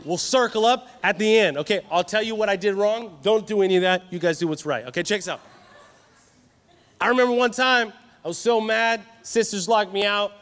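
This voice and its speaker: Animated high-voiced male preacher. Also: fairly quick. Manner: animated, joking with the crowd. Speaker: youth conference speaker. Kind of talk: energetic sermon. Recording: live hall reverb.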